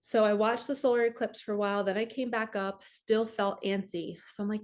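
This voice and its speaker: A woman's voice: fairly quick, hardly any pauses. Chatty woman spiritual coach telling stories. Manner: chatty and animated, acts out her own quoted thoughts in a higher voice. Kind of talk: casual personal storytelling to viewers.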